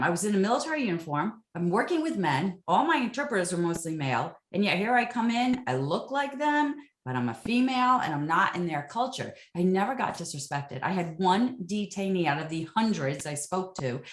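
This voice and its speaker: A woman's voice: on the low side, roomy sound. A woman, a former military interrogator, telling stories in an interview and acting out the exchanges she quotes. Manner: animated, acts out quoted exchanges. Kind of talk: storytelling interview answers.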